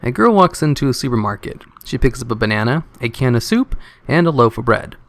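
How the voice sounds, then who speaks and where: A man reading a list of jokes aloud with an even, steady storytelling manner. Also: mid-range voice, brisk, no echo. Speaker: narrator of jokes.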